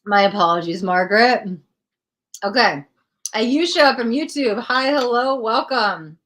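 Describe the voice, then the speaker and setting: A woman's voice: fairly high pitch, lively intonation, measured pace, a bit bright. A woman doing live tarot readings on a stream, talking in a chatty, informal way and thinking aloud. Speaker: tarot reader.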